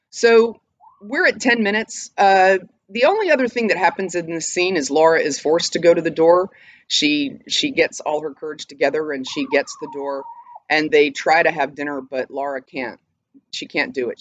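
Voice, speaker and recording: A woman's voice: sits low, no echo, dull audio. Woman literature teacher, casual and thoughtful, hesitant fillers, dry close mic. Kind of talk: casual online literature lesson.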